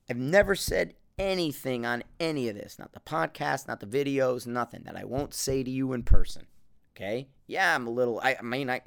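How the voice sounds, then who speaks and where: Rambling, fast-talking East Coast man. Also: medium pitch, gravelly. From Connecticut, US East Coast. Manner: rambling, animated storytelling with frequent cursing and restarts. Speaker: podcast host. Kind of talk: casual monologue.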